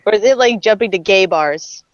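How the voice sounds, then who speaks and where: A woman co-hosting a casual stream chat, teasing and quick with a laugh. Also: medium pitch, lively intonation, no room sound, muffled recording. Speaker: stream co-host.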